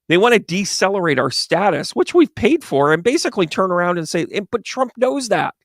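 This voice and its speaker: Gravelly, sarcastic male livestream host. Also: a little high, lively intonation, fairly quick, few pauses, a bit bright, dry recording, studio quality. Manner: sarcastic, digressive, conversational. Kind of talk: casual rambling commentary.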